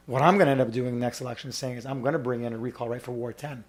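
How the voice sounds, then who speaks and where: A man's voice: medium pitch, steady tone, very fast, hardly any pauses. A man hosting a podcast and arguing politics with emphatic, campaign-speech passion. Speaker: podcast host. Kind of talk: heated political discussion.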